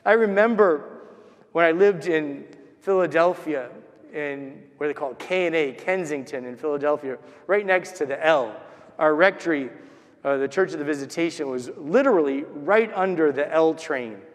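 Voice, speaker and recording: A priest with a voice on the high side preaches at a moderate pace in a large church with long reverb. He tells stories and acts out the voices of those he quotes.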